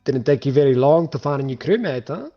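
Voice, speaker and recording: A man's voice: mid-range voice, expressive, a little fast, voice pushed up. A man doing a jolly orange-bearded sailor. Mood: teasing. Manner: teasing, breezy. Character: bulky orange-bearded human sailor, jokey. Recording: muffled lo-fi with faint music.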